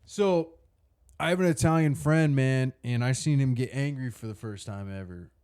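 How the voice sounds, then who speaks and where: Man, comedy podcast co-host, casual joking chat, mid pitch, dry close sound. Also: normal speed, darkish tone, smooth, dry recording. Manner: joking, laughing, ribbing.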